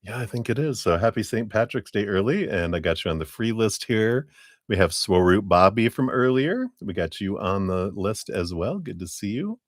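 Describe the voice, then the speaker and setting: A man's voice: lowish voice, animated, normal speed, no room sound, clean studio sound. A man hosting a live tarot reading stream, greeting viewers by name in a friendly, casual way and chuckling often.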